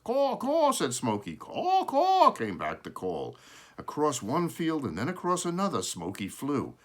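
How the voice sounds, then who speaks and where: A man's voice: mid-range voice, a bit bright. A man reading a children's book aloud, with casual asides to show the pictures and small self-corrections along the way. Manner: shows pictures while reading.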